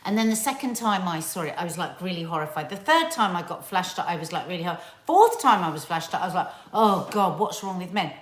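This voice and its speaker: A woman's voice: lowish voice, sing-song, fast, hardly any pauses. A middle-aged woman co-hosting a casual chat, talking in an impassioned, emphatic way and repeating words for stress. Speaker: co-host of a family talk channel. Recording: roomy echo.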